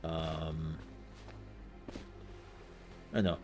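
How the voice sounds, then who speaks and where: A man's voice: rumbling low, little pitch movement, extremely slow, music in the background. A man giving casual let's-play commentary, thinking aloud as he plays and trailing off into fillers. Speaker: gaming content creator.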